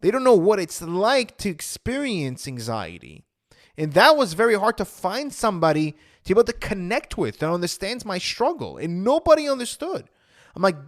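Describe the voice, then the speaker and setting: A man's voice: high-pitched, big pitch swings, moderate pace, no echo, clean studio sound. A man telling his personal story, re-enacting his own past words with rising emotion and saying "I'm like" again and again.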